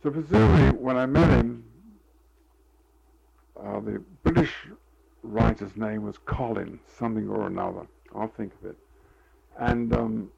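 A man's voice: medium pitch, creaky, a little mellow, husky, highs cut off. An older man telling rambling stories in an interview, with many fillers, acting out the dialogue he recalls. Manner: meandering, full of fillers, acts out quoted dialogue. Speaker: interviewee telling a life story. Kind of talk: rambling anecdotal storytelling.

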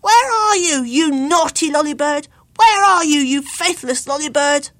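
A woman's voice: sits high, animated, a little slow, creaky, no room sound, exaggerated voice. A woman voicing a distressed man hunting for his runaway bird in a storybook, raised and pleading. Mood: calling. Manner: pleading and calling out. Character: anxious grown man searching for his lost bird.

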